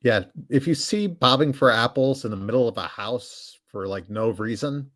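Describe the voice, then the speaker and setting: A man chatting casually as a guest reviewer, relaxed and hedging with fillers. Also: mid-range voice, normal speed. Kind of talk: casual movie review chat.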